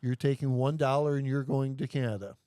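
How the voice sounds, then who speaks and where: A man's voice: medium pitch, brisk, dark tone, clean tone, no echo. A man chats as the host of a live show, easygoing and folksy, often tripping over his first words before getting going. His voice sits in an ordinary middle range, recorded dry and close with no room sound. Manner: folksy, repeats words when starting. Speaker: podcast host. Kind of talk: casual chat.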